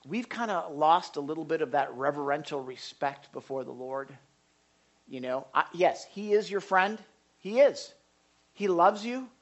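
A man, a pastor, giving a conversational sermon to a live congregation in an animated way, with big jumps in pitch and loudness. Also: unhurried. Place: church service before a live congregation.

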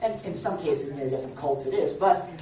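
A woman's voice: sits low, a little fast, very echoey, distant mic, highs cut off, very noisy. A woman pastor preaching a sermon in a conversational way, asking her congregation questions.

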